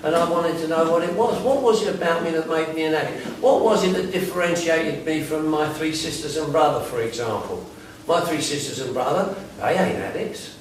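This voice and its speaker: Brief: plain-spoken man addressing a recovery workshop, pitched a little high, heard from across a booming, echoey room. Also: normal speed. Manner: blunt, conversational, mixes in laughs and asides. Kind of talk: informal talk to a recovery group. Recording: very echoey room, mic far off, faint noise.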